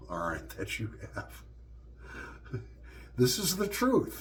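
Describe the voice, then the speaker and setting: A middle-aged man vlogging and telling stories in a loose, profane, joking way. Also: medium pitch. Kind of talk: casual storytelling monologue.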